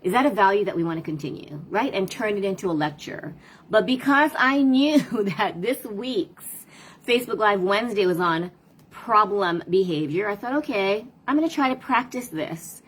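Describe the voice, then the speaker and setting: A woman's voice: medium pitch, moderate pace, breathy edge, rough recording. A woman parent coach talking casually to viewers on a live stream, asking rhetorical questions and replying to comments.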